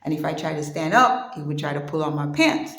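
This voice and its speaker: A woman with a fairly low voice tells a personal story straight to the camera. She speaks earnestly and conversationally, pausing and restarting as she goes. Her voice carries in a roomy, echoey space. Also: animated, a bit bright. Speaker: vlogger.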